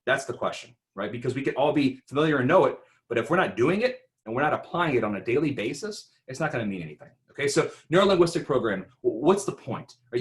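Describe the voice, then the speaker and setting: A man giving an instructional talk on speaking in online interviews, animated and rhetorical, often checking in with "right?". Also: mid-range voice. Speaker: presenter.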